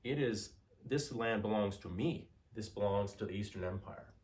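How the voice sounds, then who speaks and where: A man's voice: lowish voice, normal speed, a little mellow, roomy sound, lightly acted. A man voicing a stern, commanding emperor. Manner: stern, lays down terms. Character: proud commanding male Byzantine emperor.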